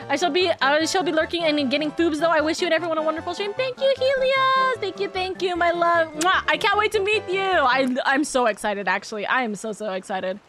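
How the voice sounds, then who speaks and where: Bubbly high-voiced woman streamer. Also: over music. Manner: bubbly, affectionate, rapid and rambling. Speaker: VTuber streamer. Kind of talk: casual live-stream chat with viewers.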